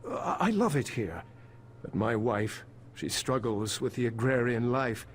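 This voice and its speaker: A man's voice: mid-range voice, expressive, unhurried, slight background noise, natural voice. An actor playing a worried male farmer, a former financier and weary husband, polite and anxious. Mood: earnest. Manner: polite, anxious, put-upon. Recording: game audio with soft music behind.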